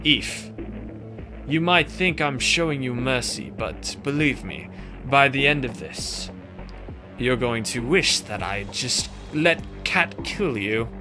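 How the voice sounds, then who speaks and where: A man's voice: mid-range voice, expressive, slow, music in the background. A man putting on a smug, menacing British villain. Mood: smug menace. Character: scheming older male island ruler, British accent.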